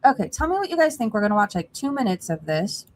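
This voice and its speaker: A woman hosts a reaction livestream at mid pitch, chatting straight to her viewers in a gossipy, loose way. Her voice comes through a desk mic at her computer. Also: big pitch swings, quick pace, a little hiss or hum. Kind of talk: casual livestream chat.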